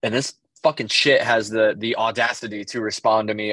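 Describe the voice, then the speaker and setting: A man's voice: on the low side, steady tone, brisk, a bit bright, dry recording. A man co-hosting a podcast, telling rambling stories in casual chat with lots of fillers and swearing. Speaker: podcast co-host.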